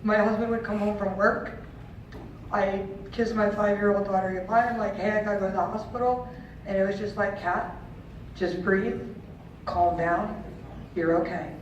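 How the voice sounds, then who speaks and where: A woman's voice: medium pitch, steady tone, normal speed, long pauses. A woman in her thirties giving a heartfelt personal story to an audience at a charity event, acting out the voices of people she quotes. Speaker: speaker at a charity auction. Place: large event hall. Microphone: handheld camera far from the stage. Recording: distant, dull and very echoey with faint room noise.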